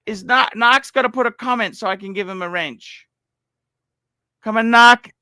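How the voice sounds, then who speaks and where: A man hosting a watch livestream, rambling and cursing, repeating himself and swinging between loud outbursts and low mumbles. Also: moderate pace, clean tone, dry recording. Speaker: livestream host.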